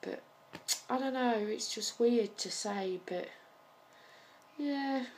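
Slow-talking Nottingham woman, rambling. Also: a little high, darkish tone, slight background noise. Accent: Nottingham English. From Nottingham, England. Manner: rambling, hesitant with many ums. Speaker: vlogger. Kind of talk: casual to-camera chat.

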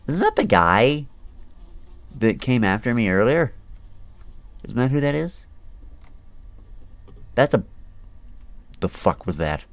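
A man's voice: medium pitch, big pitch swings, slow, long pauses, dry recording. A man playing a horror game and talking to himself, jumpy and swearing, breaking into nervous laughter. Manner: talks to himself while playing. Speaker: gaming video host. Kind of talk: casual horror game commentary.

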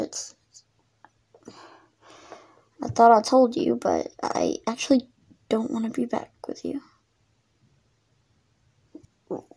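Woman doing toy pet roleplay voices, raspy gravelly voice, stumbles over words. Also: fairly high pitch. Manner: halting, repeats words, soft-spoken. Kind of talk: toy animal roleplay video.

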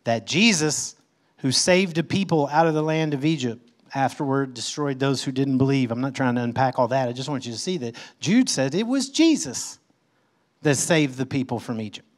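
An expressive male pastor preaches at a moderate pace, reading scripture aloud and explaining it conversationally. He uses emphatic swings in pitch and loudness.

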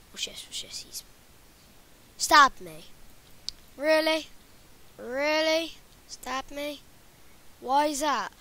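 A woman's voice: high voice, expressive, takes it slowly, pauses often, pushed and bright. A woman talking over her gameplay in a rambling way, often dropping into whispers. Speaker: gaming channel host. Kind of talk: gameplay commentary.

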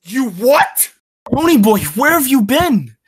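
A woman playing an angry, protective older brother in an amateur stage play, scolding and yelling. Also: sits high, expressive, moderate pace, exaggerated voice. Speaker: student actor.

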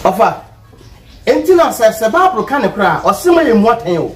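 A man talking animatedly in a casual chat about religion, laughing, stuttering over words and breaking into shouts. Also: high-pitched, normal speed. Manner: excitable, often laughs and shouts, restarts words. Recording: echoey room from far off.

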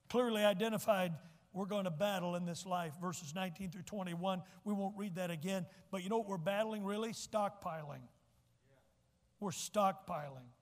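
Man preaching, high-pitched, folksy asides, repeats key lines, church reverb. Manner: folksy, joking asides, repeats points slowly. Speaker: pastor. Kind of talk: sermon. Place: church sanctuary.

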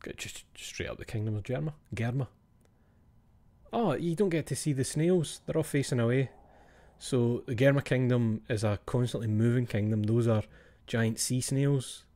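A Scottish man streaming and talking with his viewers in a loose, chatty way. His voice sits at an ordinary middle pitch, and he keeps slipping into hushed whispers for asides. He swears freely and laughs easily. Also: normal speed. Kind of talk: casual chat with stream viewers.

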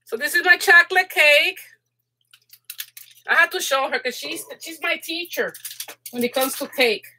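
A middle-aged woman hosting a live crafting stream, chatting casually and excitedly with her viewers, laughing often, her voice rising high when she gets excited. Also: normal speed, long pauses. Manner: excitable, giggly, chatty, talks to viewers in chat. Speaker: crafting channel host.

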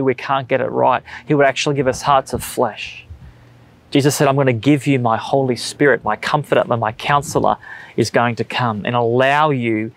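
An Australian pastor in his thirties preaches a sermon from a church stage, speaking conversationally and earnestly and drawing on everyday stories. His voice is medium-pitched, with no room sound.

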